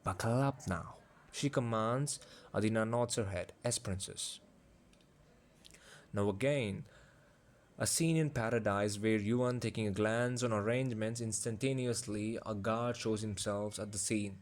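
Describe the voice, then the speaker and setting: A man reads a fantasy story aloud as an audiobook narrator. His delivery is measured and steady, in a plain speaking voice. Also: on the low side.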